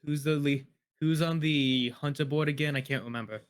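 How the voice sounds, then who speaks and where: A man's voice: fairly high pitch, fairly even intonation, normal speed, clean tone. A man, a tabletop game player, chatting casually before an online session, often restarting and hunting for words, over a computer mic. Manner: hesitant, restarts and searches for words. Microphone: computer mic on a voice call.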